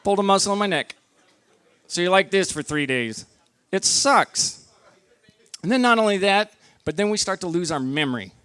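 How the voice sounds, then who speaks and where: A middle-aged man performing a stand-up comedy set at a barbecue lounge, telling stories in a deadpan way and acting out his own lines. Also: high-pitched, normal speed, long pauses, clean tone, no room sound.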